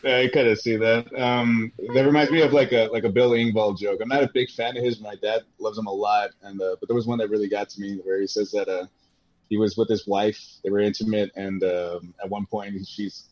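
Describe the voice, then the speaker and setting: A man talks casually as a podcast guest, with a lowish voice that often trips over its first words before he gets going. His mic sounds dull and lo-fi, muffling the top end. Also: fairly even intonation, brisk, darkish tone. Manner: stammering restarts, laughs into his own stories. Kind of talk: casual chat.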